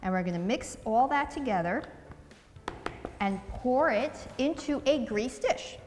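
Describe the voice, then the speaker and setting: A woman's voice: a little high, animated, unhurried, big-room sound, noisy background. A woman from New Jersey, chatty and upbeat, talking through a recipe in a casual cooking vlog. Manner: chatty and upbeat, laughs easily.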